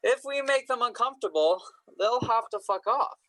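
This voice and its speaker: An actor playing a rebellious young adult in an amateur comedy sketch, with a sarcastic deadpan. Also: medium pitch, normal speed, dry recording, close to an everyday voice. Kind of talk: amateur comedy sketch over video call.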